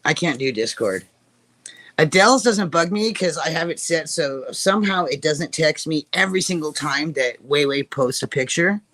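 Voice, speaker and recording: A woman's voice: low voice, lively intonation, moderate pace, fairly bright tone. A woman streaming live, chatting casually and joking as she greets viewers by name. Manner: jokey, rambling, greets chat by name.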